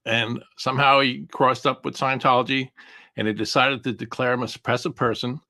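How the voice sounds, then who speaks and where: A middle-aged man co-hosting a live Q&A stream, speaking in a measured, earnest way as he explains things step by step. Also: medium pitch, flat delivery, pushed and bright. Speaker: co-host.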